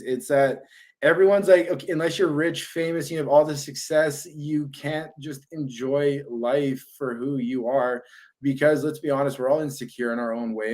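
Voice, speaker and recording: A man's voice: mid-range voice, a little mellow. Earnest young man musing with profanity. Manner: earnest, reflective, swearing. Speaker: podcast co-host. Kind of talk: casual chat.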